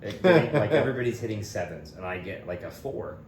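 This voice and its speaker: Young podcast co-host from Kentucky, lively swooping pitch, echoey room with audible noise. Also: male voice, fairly quick. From Louisville, Kentucky. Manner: animated storyteller, jumps into squeaky voices for quoted people. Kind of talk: casual storytelling chat.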